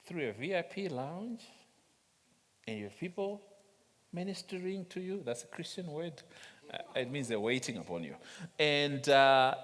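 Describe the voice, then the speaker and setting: Lively, high-voiced preacher in a hall. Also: male voice. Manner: humorous, chuckling storyteller. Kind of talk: sermon. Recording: long reverb of a large hall.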